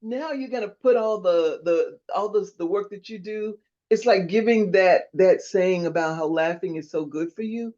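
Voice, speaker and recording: A woman hosting a podcast interview, laughing along and chiming in with animated reactions. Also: mid-range voice, moderate pace, dull audio. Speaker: podcast host. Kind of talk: casual interview chat.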